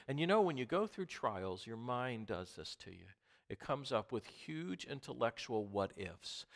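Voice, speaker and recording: A man preaching a sermon who is also an ER doctor. He swings between hushed asides and loud, emphatic bursts. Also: medium pitch, very animated, moderate pace, vocal fry.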